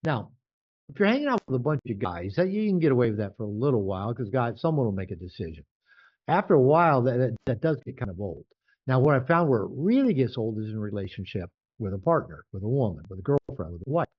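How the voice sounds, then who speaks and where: An older man, an author being interviewed, talking casually and animatedly, often jumping higher to act out quoted voices. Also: very animated, fast, dull audio. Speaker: author and guest.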